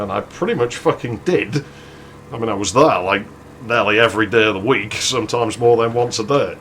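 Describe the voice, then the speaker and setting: A man's voice: lowish voice, fairly quick, fairly bright tone, a little hiss or hum. A man, a let's play host telling a long, profane story while he plays. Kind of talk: casual storytelling during gameplay.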